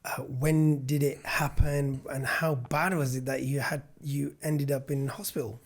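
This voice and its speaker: A man's voice: mid-range voice, level tone, unhurried. A man hosting an interview, asking questions and chiming in with short reactions. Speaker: podcast host.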